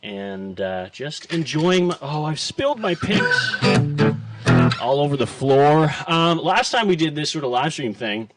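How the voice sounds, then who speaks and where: A man's voice: fairly high pitch, sing-song, measured pace, distant mic, over loud music. A man hosting his first live stream from a home studio, chatty, self-deprecating and a bit nervous. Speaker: host. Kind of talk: casual live stream chat.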